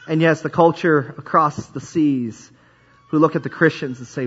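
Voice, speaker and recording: A man's voice: fairly high pitch, lively intonation, unhurried, long pauses, a bit bright, breathy edge. A man preaching a sermon in a conversational way, often repeating himself and restarting sentences. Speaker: pastor. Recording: dull lo-fi recording.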